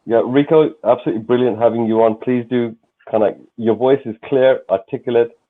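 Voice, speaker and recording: A man's voice: medium pitch, fairly quick. A man, a guest on a football fan livestream, speaking courteously and repeating words as he goes. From London. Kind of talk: casual livestream chat. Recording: tinny phone-like call audio.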